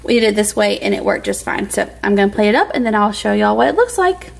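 A woman's voice: mid-range voice, lively intonation, fast talker, creaky. A young woman, chatting casually to viewers while she cooks in her home kitchen. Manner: chatty, addresses viewers as y'all. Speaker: cooking vlogger. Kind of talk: casual cooking vlog.

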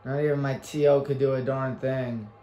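A young man hosting a sports talk show, chatting casually and calling plays excitedly while he plays a basketball video game. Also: medium pitch, moderate pace, dull audio, slight background noise. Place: small room at a local community TV station. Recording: roomy echo.

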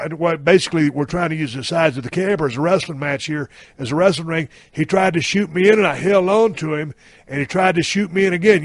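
A brash man spins a profane tall tale on his podcast, leaning hard on his drawled emphasis. His voice sits fairly high for a man and sounds close and dry, with no room around it. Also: no room sound. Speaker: podcast host. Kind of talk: profane comic storytelling. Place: camper trailer.

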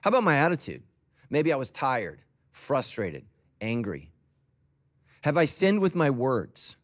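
Lively joking male pastor. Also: mid-range voice, unhurried. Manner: conversational, joking, acts out quoted voices. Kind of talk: sermon. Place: church auditorium.

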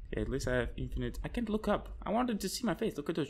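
A man's voice: fairly high pitch, fast talker, vocal fry. A young man hosting a horror game let's play, reading notes aloud and yelping and swearing when startled. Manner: jumpy and excitable, yelps and swears when startled. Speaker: gaming channel host.

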